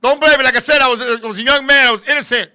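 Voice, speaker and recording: High, bright-voiced loud comic storyteller man. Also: racing, clear, resonant tone. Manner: loud, animated, crude, laughing between lines. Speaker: host. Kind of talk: comic storytelling on a talk show.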